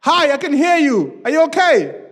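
A man voicing a terrified man clinging to a branch over a cliff, frantically pleading and shouting for help. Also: very high-pitched, wildly swooping pitch, moderate pace, voice pushed up, full character voice. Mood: panicked. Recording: long reverb of a church hall.

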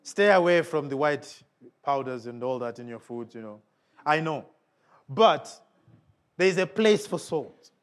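A man preaches to his congregation with a fairly high voice. He stresses his points hard, his volume swelling and dropping, and he often asks his listeners questions. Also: animated, measured pace, pauses often. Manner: emphatic, with big swings of pitch and volume. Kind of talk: sermon.

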